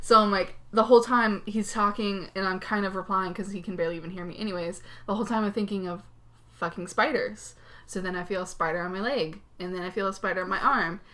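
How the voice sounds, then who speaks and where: A woman co-hosting a casual podcast, with a bright, clear voice of middling pitch. She tells stories in an animated way, swears freely and laughs often. The talk is loose and unscripted. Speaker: podcast co-host. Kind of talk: casual chat.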